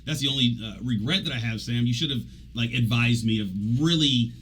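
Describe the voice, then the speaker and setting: A man's voice: mid-range voice, a little fast, fairly bright tone, a little hiss or hum, poor audio. A man hosting a radio talk show as an executive coach, talking casually and animatedly, often trailing off and restarting. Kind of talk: casual conversational interview.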